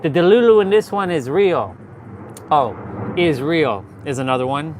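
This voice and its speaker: A man's voice: on the high side, expressive, moderate pace, noisy background. A young man in casual chat while working out, joking and swearing loosely, repeating himself, a bit winded between sets. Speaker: fitness vlogger.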